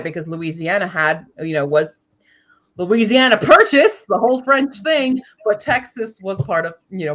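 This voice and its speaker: A woman's voice: fairly low pitch, fairly bright tone, dull audio. A woman co-hosting a casual writing-sprint stream, chatting and musing aloud with frequent laughs. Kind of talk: casual group chat on a livestream.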